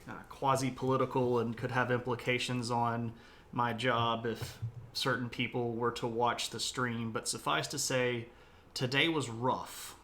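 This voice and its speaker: A middle-aged South Mississippi man hosts a laid-back history livestream in a mid-range, level, slightly bright voice, unhurried as he chats, rambles off on asides and describes himself as opinionated.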